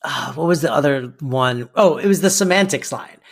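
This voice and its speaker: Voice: mid-range voice, animated, moderate pace, creaky. A podcast co-host chatting casually about a sitcom episode, rambling through favorite scenes and laughing at the jokes. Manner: rambling, acts out quoted lines and laughs at them.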